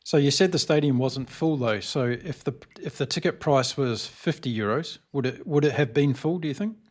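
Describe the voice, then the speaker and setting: A man hosting a podcast interview, asking questions in a steady, measured way and giving short affirmations while the guest talks. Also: mid-range voice. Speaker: podcast host.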